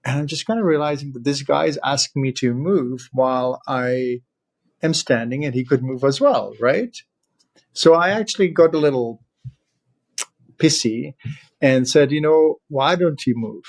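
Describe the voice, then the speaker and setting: A talkative man from Central Europe hosts a relaxed podcast conversation. He laughs easily and wanders into side stories, with a voice of ordinary middle pitch. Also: moderate pace. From Czech Republic. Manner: chatty, laughs often, digresses. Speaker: podcast host. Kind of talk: casual conversation.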